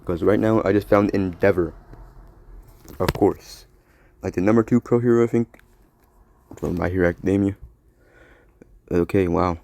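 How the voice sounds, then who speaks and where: A man hosting a solo podcast, rambling excitedly about action figures. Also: low voice, normal speed, gravelly, pauses often, slight background noise. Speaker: podcast host. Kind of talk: casual solo commentary while playing with action figures.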